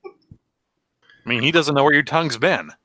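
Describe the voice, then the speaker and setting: A man's voice: on the high side, normal speed, bright, forceful tone, no echo. A man hosting a casual live chat, teasing his guest with jokes. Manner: teasing, joking.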